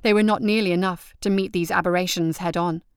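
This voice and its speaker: A woman's voice: on the low side, steady tone, fairly quick, smooth, no echo, studio quality. A woman reading out an action story as narrator, telling it steadily and vividly.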